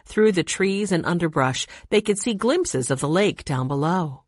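A woman narrating a children's chapter book in a calm, steady reading voice. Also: on the low side, normal speed, husky, no echo, clean studio sound. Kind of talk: audiobook narration.

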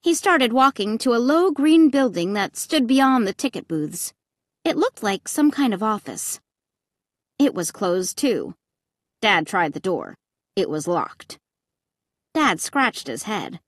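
A woman narrating an audiobook in the first person, with expressive, dramatic storytelling on a close mic. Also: mid-range voice, slow pace, no echo.

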